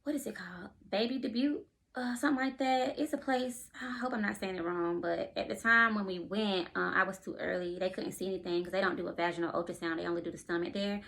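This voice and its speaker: A woman of average pitch tells a personal story in a casual vlog. She is out of breath and animated. She slips in and out of acted-out dialogue as she retells what happened. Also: fast talker, gravelly. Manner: breathless and animated, often retelling scenes in quotes. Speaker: vlogger and expecting mother.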